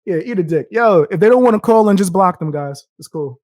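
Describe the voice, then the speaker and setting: A man's voice: high-pitched, lively intonation, brisk, darkish tone, no echo, clean studio sound. A young man live streaming, reacting with a profane, combative rant and taunting his viewers between laughs.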